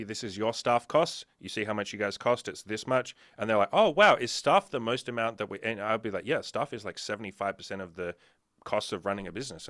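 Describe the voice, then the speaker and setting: Low-voiced guy swearing his way thru a podcast rant, dry close sound. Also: no room sound. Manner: profane, animated storytelling. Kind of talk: casual podcast chat.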